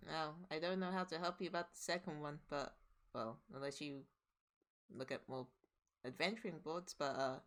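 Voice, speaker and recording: Lady playing a sulky tavern girl, low bright voice, clipped and defensive. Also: fairly even intonation, moderate pace. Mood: grudging. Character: sulky young woman at a tavern, pouting and defensive.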